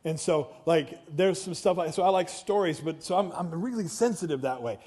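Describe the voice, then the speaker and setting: A male pastor delivering a loose, conversational sermon in a church, pitched a little above the usual man's voice. He is chatty and self-deprecating and keeps turning to the congregation with joking asides and quick questions. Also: darkish tone.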